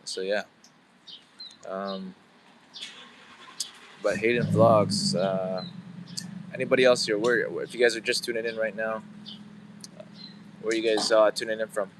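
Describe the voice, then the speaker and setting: A man's voice: fairly low pitch, level tone, measured pace, long pauses, background noise. A man in his thirties hosting a casual live stream outdoors, rambling with lots of fillers as he talks to viewers. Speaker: livestream host. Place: outdoors, about to head into work.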